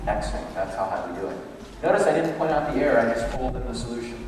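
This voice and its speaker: Animated man leading a workshop, echoey hall. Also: mid-range voice, very fast, a little hiss or hum. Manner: animated storytelling, acts out quotes. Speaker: leadership workshop presenter. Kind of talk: motivational workshop talk. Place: large room with tables, echoey. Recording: echoey hall from far off, faint ambience.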